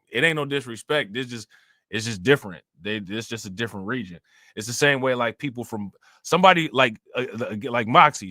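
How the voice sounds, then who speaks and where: A man's voice: mid-range voice, fairly bright tone, no room sound, clean studio sound. A man from Northeast Ohio with a Northeast Ohio accent, hosting a casual livestream and rambling in loose, profane slang while answering viewers. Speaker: livestream host.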